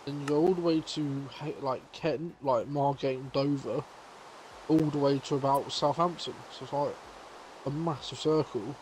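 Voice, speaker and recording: A man chats casually while hosting a game stream, his talk full of "like" and loose, rambling turns. His pitch sits in an ordinary middle range. A faint hiss of noise runs under his voice. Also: steady tone, normal speed, a little mellow, rough recording. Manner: rambling, heavy on filler 'like'. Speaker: streamer host. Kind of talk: casual gaming stream chat.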